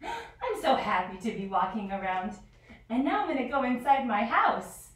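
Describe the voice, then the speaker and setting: A woman voicing a happy, excited pet dog in a children's story, talking high and loud with glee. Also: moderate pace. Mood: gleeful. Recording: echoey room from far off.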